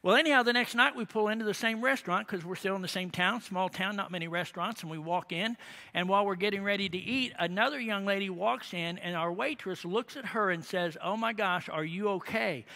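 Middle-aged guy preaching, bright voice, chatty and rambly, keeps asking right?. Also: high-pitched, a little fast, creaky. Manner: folksy, rambling, frequent asides and tag questions. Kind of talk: sermon storytelling.

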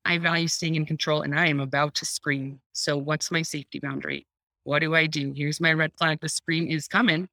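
Bright-voiced woman, dry close mic. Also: deep voice, brisk, dry recording. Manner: animated, laughs often, acts out her own inner dialogue. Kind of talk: casual conversational podcast talk.

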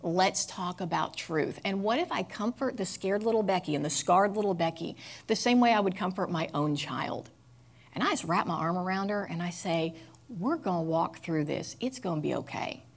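Earnest woman speaking candidly. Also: on the low side. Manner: confessional, earnest, halting with fillers. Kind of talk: candid personal talk.

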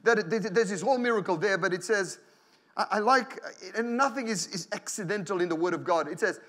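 A male pastor preaches with animation in church, playing out quoted prayers and inner voices and often repeating or restarting what he says. His voice is high-pitched and a little fast.

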